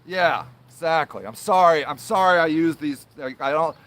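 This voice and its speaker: Male host, high pitched, angry, foul-mouthed livestream rant, apologetic in between. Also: normal speed, fairly bright tone. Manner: angry, profane, swears constantly; apologizes then rants on, trailing filler sounds. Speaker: show host.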